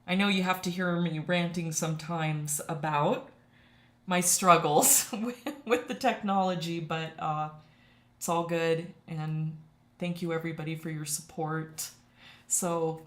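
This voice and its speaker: Woman art teacher, chatty and emotional, lowish voice, roomy echo. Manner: chatty, emotional, laughs often. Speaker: watercolor teacher. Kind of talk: casual live-stream chat. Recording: echoey room.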